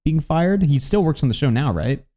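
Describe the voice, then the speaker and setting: A man's voice: fairly high pitch, animated, normal speed, mellow. A man co-hosting a livestream, chatting casually and swearing while reacting to videos and reading out donations. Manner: laid-back, swearing, reads out donations. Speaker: livestream co-host. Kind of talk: casual profane stream chat.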